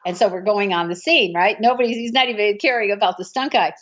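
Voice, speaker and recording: A martial arts film actress tells an anecdote about a shoot, acting out what others said, in a fairly high voice that runs a little fast with few pauses. The recording is dull and lo-fi.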